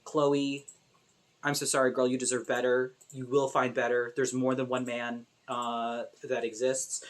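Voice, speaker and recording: A young woman casually recapping a movie with sarcastic, animated commentary and lots of fillers. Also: rumbling low, measured pace. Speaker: video essay host.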